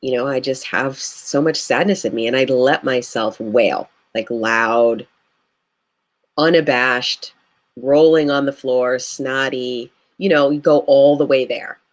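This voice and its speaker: A woman's voice: extremely low pitch, a little slow. A woman who works as a grief guide, speaking earnestly and reflectively in a live video interview, with frequent "you know" fillers.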